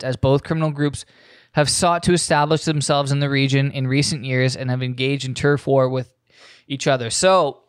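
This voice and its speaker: A man's voice: fairly high pitch, smooth, no room sound, studio quality. A man hosting a podcast, rambling profanely through a casual monologue and reading news aloud. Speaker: podcast host.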